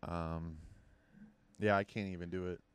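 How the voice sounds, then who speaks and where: Podcast co-host, man, lowish smooth voice, dry close sound, rambling jokey delivery. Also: fairly even intonation, measured pace, no room sound. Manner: joking, rambling, self-deprecating. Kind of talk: casual chat.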